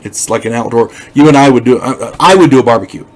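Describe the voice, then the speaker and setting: This is an older man talking through a TV series review in a loose, opinionated monologue. His voice sits at an ordinary middle pitch. He speaks bluntly and emphatically, often restarting and repeating words as he goes. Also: fast, a little mellow, rough recording.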